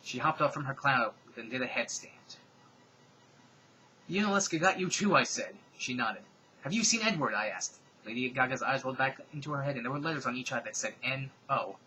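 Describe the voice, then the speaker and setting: A man reading fan fiction aloud in a comedic, dramatic style. He cuts in with deadpan, sarcastic remarks. His voice is bright and crisp over faint room noise. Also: medium pitch, brisk, few pauses, rough recording.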